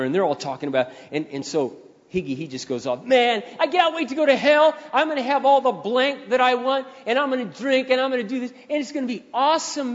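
A pastor telling a story in a sermon, dramatic and passionate at times, quiet and earnest at others. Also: male voice, a little high. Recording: dull sound with long hall reverb.

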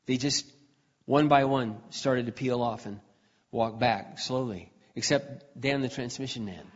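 A man preaching a personal testimony in a conversational storytelling way, often clearing his throat, recorded dull in a reverberant hall. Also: medium pitch, unhurried.

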